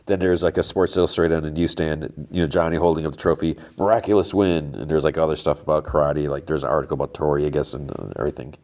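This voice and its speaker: A man's voice: extremely low pitch, fairly even intonation, fast, few pauses, a little mellow. A man hosting a podcast, giving a casual, rambling recap of a TV episode and quoting the characters as he goes. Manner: rambling, quotes characters with lots of "he's like". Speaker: podcast host.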